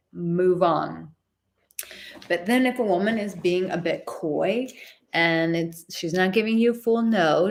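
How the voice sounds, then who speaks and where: A woman coaching on dating in a live stream, emphatic and repeating words for stress, acting out bits of dialogue. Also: fairly low pitch. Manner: acts out quoted dialogue.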